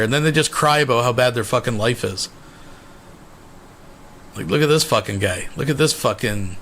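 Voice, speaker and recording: A man's voice: mid-range voice, fairly bright tone. A man hosting a channel, delivering a scornful, profane commentary rant. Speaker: channel host.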